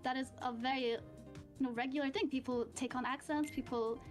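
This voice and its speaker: High voiced woman w a german-ish accent, soft and hedgy, faint music behind her. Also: fairly even intonation, brisk. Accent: German-sounding. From United Kingdom. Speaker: vtuber guest. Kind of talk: livestream interview.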